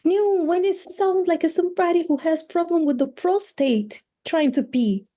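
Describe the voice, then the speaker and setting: A woman's voice: very high-pitched, measured pace, dark tone. A woman co-hosting a fan podcast, giving blunt, emphatic opinions. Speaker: guest co-host. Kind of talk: casual fan podcast chat.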